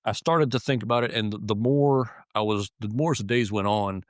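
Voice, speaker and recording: Male officer, interview guest: low voice, dry and close, profane, halting restarts. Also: no echo. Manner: heavy swearing, frequent restarts and repeated words. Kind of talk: casual interview storytelling.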